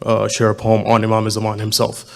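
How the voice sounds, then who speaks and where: A man reciting a poem at a community poetry night. His pitch and force climb on the dramatic lines, and he murmurs Arabic verses quickly and quietly. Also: monotone, creaky. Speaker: poet.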